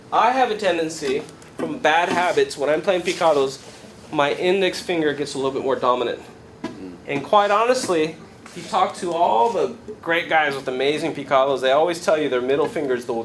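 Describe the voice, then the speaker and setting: A man's voice: fairly high pitch, fairly quick, a little hiss or hum, poor audio. A man teaching a flamenco guitar workshop in a casual, chatty way, often checking in with "right?" and "okay?". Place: workshop room. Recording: loud guitar under the voice. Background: guitar playing.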